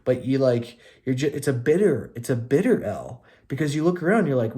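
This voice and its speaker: A young man hosts a casual fantasy hockey podcast in an easygoing, mid-pitched voice. He rattles through the week's scores loosely and swears freely. Every so often he drifts into mock rants aimed at his league mates. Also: lively intonation, fairly quick, few pauses, dark tone.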